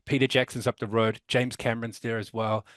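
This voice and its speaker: A man's voice: mid-range voice, little pitch movement, brisk, fairly bright tone, no room sound, clean studio sound. A man in his thirties with a New Zealand accent, chatting casually as a podcast guest, rambling and laid-back with casual swearing. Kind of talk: casual chat.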